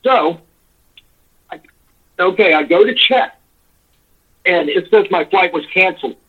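A man's voice: sits high, expressive, a little slow, slightly rough. A man calling in by phone, telling a long, rambling complaint story, exasperated and swearing freely. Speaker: caller. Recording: tinny phone line.

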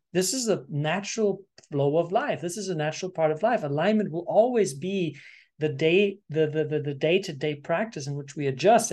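Male interview host, animated and expressive, fairly high pitch, casual conversation. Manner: expressive, animated, acts out inner voices. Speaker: podcast host.

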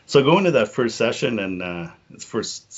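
A middle-aged man telling a personal story as a podcast guest, earnest and halting, often repeating words and saying "you know". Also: mid-range voice, very animated, breathy edge, highs cut off.

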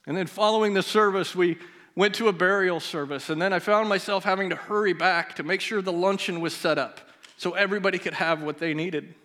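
A pastor telling a personal story in a sermon, his voice dropping to a near hush at the emotional moments. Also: high voice, brisk. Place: church sanctuary.

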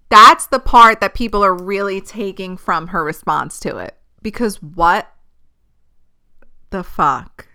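A woman's voice: medium pitch, slow, long pauses, pushed and bright. A woman hosting her own podcast in casual chat, swearing freely, laughing often and dropping into a whisper at times. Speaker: podcast host. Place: filmed at home while recording.

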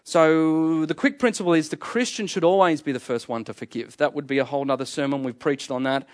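Aussie pastor guy mid-sermon, kinda high voice, punchy and repeats stuff. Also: fairly quick. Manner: emphatic, repeats phrases for effect.

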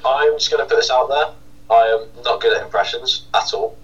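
A man's voice: medium pitch, normal speed, recorded from a distance. A young man joining a casual podcast chat with short, offhand remarks. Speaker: podcast co-host. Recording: muffled lo-fi call audio.

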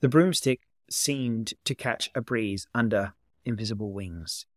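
A man reading a story aloud as an amateur narrator, calm and even. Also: lowish voice, measured pace, dry recording, studio quality. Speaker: amateur reader. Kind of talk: audiobook narration of fan fiction.

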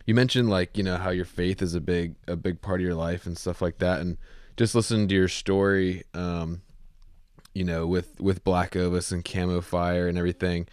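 An American podcast host with a low, smooth voice asks relaxed, rambling questions. His sound is dry and close to the mic, with no room echo. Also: moderate pace. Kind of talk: casual interview chat.

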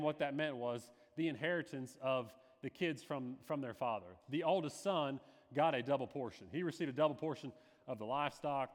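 A man's voice: mid-range voice, in a large hall. A male pastor preaching a sermon, slipping into quoted voices with dramatic shifts.

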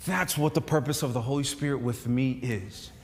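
A man's voice: mid-range voice, moderate pace, big-room sound, a little hiss or hum. A male pastor preaching a sermon in a loose, conversational storytelling way, full of restarts and fillers.

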